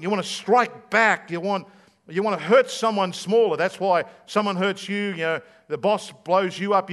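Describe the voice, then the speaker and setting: A man preaching to his congregation, chatty and direct, firing off rhetorical questions. His voice sits a little higher than most men's. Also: a bit bright. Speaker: pastor. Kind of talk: sermon.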